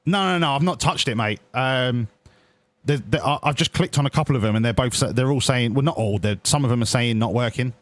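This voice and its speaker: A man's voice: mid-range voice, a little fast, no echo. A young man streaming a football management game, talking casually with viewers and cheering his players, swearing often. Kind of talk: casual live-stream commentary.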